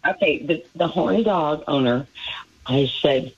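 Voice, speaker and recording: A woman's voice: low voice, measured pace. Giggly woman caller on a dull line. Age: 50s. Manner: rambling, giggly, many restarts. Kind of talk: casual call-in chat. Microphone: phone.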